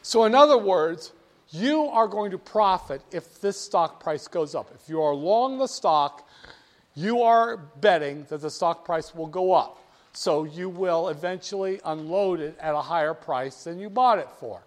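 This teacher speaks in a high-pitched, expressive voice without hurrying. Emphatic in his lecturing, he hammers on key terms and gets the class to repeat phrases after him.

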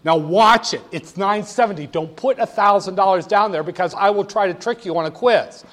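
A man's voice: high voice, moderate pace, a bit bright. A man lecturing a class, playful and teasing, talking straight to the students.

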